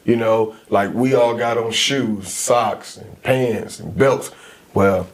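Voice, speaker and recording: A man's voice: lowish voice, slow pace. A man in his forties, a guest in a casual interview, telling his stories with emphasis and energy. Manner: emphatic, animated storytelling.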